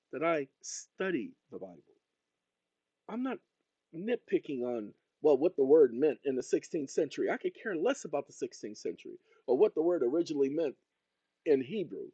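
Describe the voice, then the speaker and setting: Lively, high-voiced man ranting to camera. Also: breathy edge, no room sound, lo-fi sound. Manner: animated, talking straight to viewers, jokey asides. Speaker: channel host and consultant. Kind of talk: rambling video monologue.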